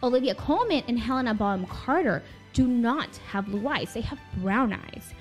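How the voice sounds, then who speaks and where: A woman's voice: on the high side, lively intonation, normal speed, soft background music. A young woman co-hosting a podcast, chatting casually with lots of fillers. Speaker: podcast co-host. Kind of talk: casual chat.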